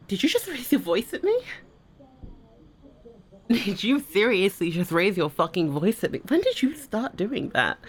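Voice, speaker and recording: A woman with a mid-range voice performs a one-sided audio role-play, swearing freely, often dropping to a hushed whisper, and stammering through restarts when flustered.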